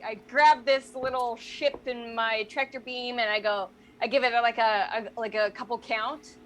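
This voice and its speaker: A woman's voice: fairly high pitch, fairly even intonation, unhurried, hardly any pauses, rough recording. Playful woman player in a tabletop game. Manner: playful, enthusiastic.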